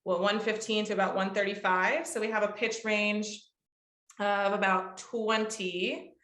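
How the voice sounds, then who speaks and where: A woman's voice: mid-range voice, little pitch movement, measured pace, a bit bright. Young woman music therapist talking a group through exercises, lots of ums, hums bits of melody, echoey room. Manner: explanatory, with many ums and sung demonstrations. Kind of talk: presentation to a support group.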